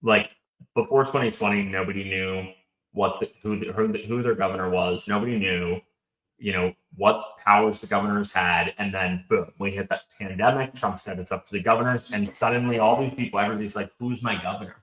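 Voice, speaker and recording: An animated, opinionated man from North Carolina, speaking as a podcast guest. His voice is a bit low. The room adds a noticeable echo. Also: a little fast. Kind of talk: casual political chat.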